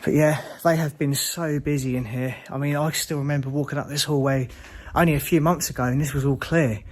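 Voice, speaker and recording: A man exploring an abandoned hospital at night, hushed and frightened, swearing and shaking with fear as he talks to his camera. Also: on the high side, steady tone, brisk. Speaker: urban explorer. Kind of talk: whispered solo vlog. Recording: noisy handheld camera audio.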